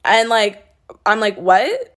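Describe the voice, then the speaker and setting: A young woman in a casual storytime, speaking at a middle pitch. She is blunt and sassy, and she swears freely as she tells it. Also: a little fast. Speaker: former coffee shop worker.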